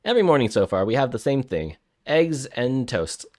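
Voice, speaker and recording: Here the streamer sounds very animated, with a mid-range voice, a darkish tone and a moderate pace. He's live with a visual novel, reading its narration and talking to viewers, flustered and prone to saying things twice.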